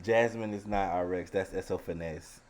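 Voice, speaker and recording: A man co-hosting a casual podcast chat, relaxed and full of opinions. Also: sits low, normal speed. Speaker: co-host.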